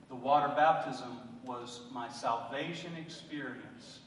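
A man preaching a sermon as a pastor, telling a personal story with passion, swinging between loud and hushed. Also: a little high, moderate pace, slight background noise. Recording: echoey hall heard from a distance.

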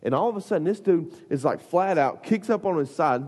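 Husky preacher in a big hall. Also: male voice, a little high, fairly quick. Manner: animated, comic storytelling with lots of fillers. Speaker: youth pastor. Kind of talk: storytelling sermon. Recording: long hall reverb.

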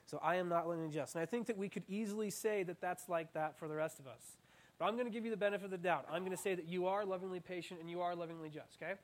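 Young male preacher, high-pitched, animated and playful, leading the crowd in call-and-response. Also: very fast. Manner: animated, playful, self-mocking asides. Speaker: student preacher. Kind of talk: interactive sermon.

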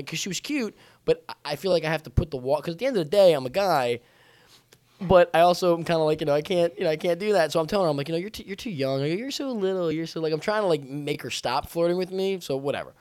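A man's voice: darkish tone, no echo. Man in his twenties, dry close sound, crude jokey storyteller, casual podcast chat. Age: 20s. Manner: crude, joking, mimics others in a high voice.

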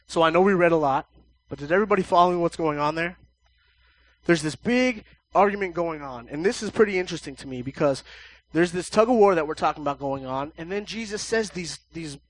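A man's voice: fairly high pitch, fairly quick, a little hiss or hum, rough recording. A man preaching a casual sermon, chatty and loose, retelling the scripture in everyday words.

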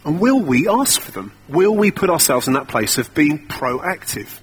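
A man's voice: fairly high pitch, very animated, moderate pace, husky. A young man preaching a sermon in a conversational, self-deprecating storytelling way.

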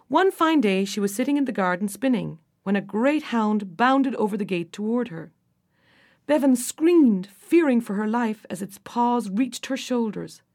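A woman narrating a storybook fairy tale, her reading rising and falling with the drama. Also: mid-range voice. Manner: expressive, rises and falls with the drama.

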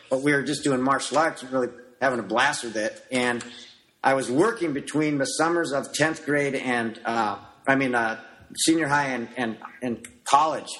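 A middle-aged man, a martial arts coach, talking as a guest in a relaxed storytelling way, loose and rambling, often acting out what he said back then. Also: medium pitch. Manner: animated storyteller who acts out his younger self in quotes; loose, rambling with many "you know" fillers. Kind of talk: casual storytelling interview.

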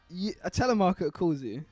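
High-voiced man giggling over cheeky hypotheticals. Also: expressive, moderate pace, darkish tone, slightly rough, no echo, soft background music. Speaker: podcast co-host. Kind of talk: casual crude banter.

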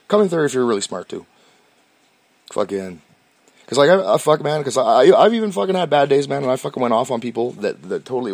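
Canadian male podcast host, fast talker, profane stammering ramble, lowish dry voice. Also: no echo. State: stoned. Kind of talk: rambling casual monologue.

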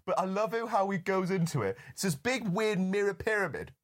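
A man chatting casually on a film podcast, with a fairly high voice that swings widely as he recaps scenes. He laughs often and acts out bits of dialogue as he goes. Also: brisk. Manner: giggly, animated retelling of scenes with mimicked lines. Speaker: podcast co-host. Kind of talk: casual film review chat.

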